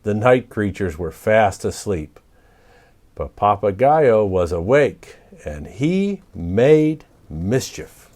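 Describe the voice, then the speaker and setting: A man reading a picture book aloud to children, speaking gently and pausing to ask the young listeners questions. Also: lowish voice, very animated. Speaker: storyteller.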